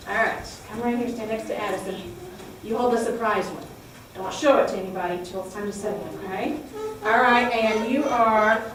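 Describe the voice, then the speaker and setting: Lady teaching kids a bible story, high voice, really echoey room, mic far away. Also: normal speed, noisy background. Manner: animated, exclaiming, coaxing children to repeat lines. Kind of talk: telling a Bible story to children.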